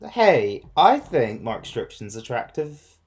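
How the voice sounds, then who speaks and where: Brief: male reaction co-host, chatty and jokey, animated mid-pitched voice. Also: moderate pace. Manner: chatty, jokey, laughs often. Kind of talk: casual reaction chat.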